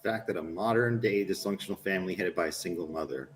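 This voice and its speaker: A man's voice: low voice, quick pace, slight background noise. A man chiming in on a casual stream chat with dry wisecracks.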